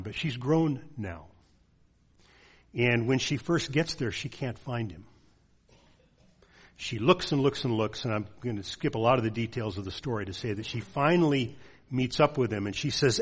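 Husky male pastor preaching. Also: mid-range voice. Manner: earnest, with frequent "uh" fillers. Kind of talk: sermon.

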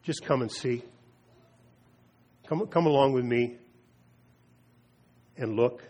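A man preaching a sermon, retelling scripture with slow, emphatic pauses and drops in his voice. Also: mid-range voice, darkish tone. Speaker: pastor.

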